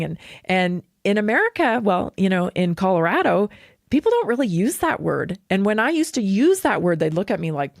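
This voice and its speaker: A woman from Canada hosting a radio show, talking in a chatty, animated way, repeating points for emphasis and laughing easily. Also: medium pitch, normal speed, gravelly, no echo, clean studio sound. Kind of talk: casual monologue.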